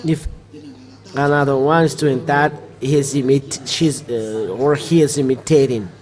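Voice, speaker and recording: A man preaching a live church sermon, halting with many fillers and restarts. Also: medium pitch, a little mellow, poor audio.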